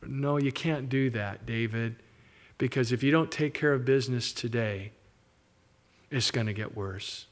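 Animated man preaching a sermon. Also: medium pitch, moderate pace. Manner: animated preaching, mimics characters in asides. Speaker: pastor.

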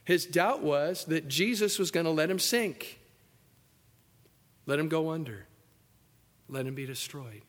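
A man preaching a sermon emphatically, swinging between loud, excited passages and hushed, soft ones. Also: fairly high pitch, unhurried, pauses often. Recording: echoey hall.

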